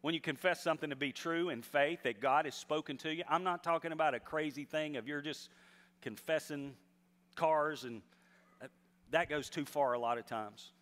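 Male pastor, mid-pitched voice, storytelling sermon with emphatic swells, long hall reverb. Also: moderate pace, a bit bright. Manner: storytelling, rising to emphatic exhortation.

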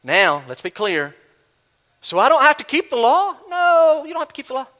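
A male pastor preaching a sermon, animated, acting out imagined voices as he teaches. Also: very high voice, normal speed.

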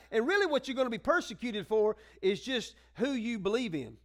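High-voiced man preaching a folksy sermon. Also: very animated, brisk, fairly bright tone. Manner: folksy, conversational preaching, rising to fervent exhortation; acts out quoted voices in dialogue. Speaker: pastor.

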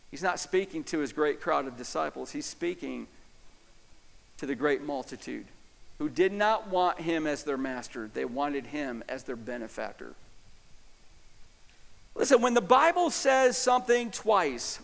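A man preaching a sermon as pastor, emphatic, swinging between loud stresses and hushed, intimate appeals. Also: fairly high pitch, animated, unhurried, creaky. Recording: long hall reverb.

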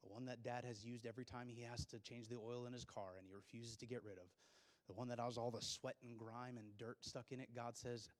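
Young man, pastor, sermon, storytelling, hushed to loud and excited, middle pitch, reverberant hall. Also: fairly quick.

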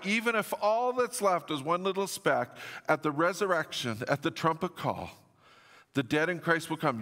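A man's voice: a little high, a bit bright, big-room sound. A middle-aged man preaching a sermon as pastor, earnest and building to emphatic declarations.

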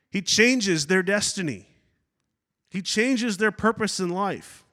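A man's voice: sits high, takes it slowly, bright, forceful tone. A man pastor giving a sermon, preaching with energy, adding asides and acting out quotes. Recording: long hall reverb.

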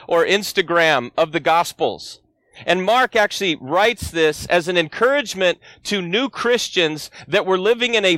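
Man in his 40s, guest pastor preaching earnestly, high voice, dry close sound, storytelling with questions to the pews. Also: a bit bright, no echo. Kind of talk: sermon.

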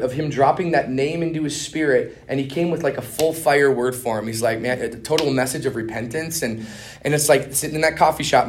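A middle-aged man teaching a conference class on evangelism, talking fast and animated, full of "man" and "dude.". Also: mid-range voice. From Minnesota. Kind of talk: casual conference teaching with stories.

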